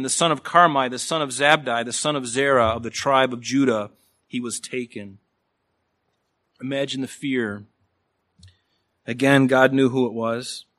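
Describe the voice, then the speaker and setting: Earnest preaching man, voice rising and falling. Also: medium pitch. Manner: expressive preaching, drops to soft voice for dramatic quotes. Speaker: pastor. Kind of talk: sermon.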